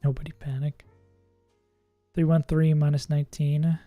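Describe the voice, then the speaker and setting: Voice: mid-range voice, level tone, normal speed, no room sound, highs cut off, faint music behind. A streamer casually talking through a game live, thinking aloud, laughing often and swearing now and then. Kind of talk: casual livestream commentary while playing.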